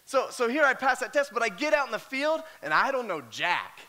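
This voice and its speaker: A man delivering a sermon in a high, bright and forceful voice. He tells personal stories with animated energy and often repeats words as he pushes forward. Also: a little fast. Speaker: pastor.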